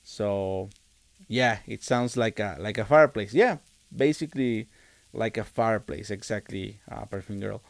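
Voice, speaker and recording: Relaxed low-voiced man explaining music production. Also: gravelly, no echo. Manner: relaxed, halting, many fillers and restarts. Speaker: music producer tutorial host. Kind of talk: casual screen-recorded production walkthrough.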